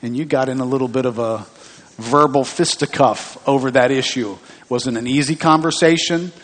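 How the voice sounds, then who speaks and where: A man's voice: mid-range voice, moderate pace, a bit bright. Preaching man in a reverberant hall. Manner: conversational preaching, asks the congregation questions. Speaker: pastor. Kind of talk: sermon. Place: church sanctuary.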